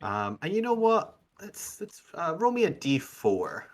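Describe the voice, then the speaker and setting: A man acting as game master, narrating a tabletop game in an animated, rambling way with frequent fillers. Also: on the high side, unhurried. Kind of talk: running a tabletop game over a live stream.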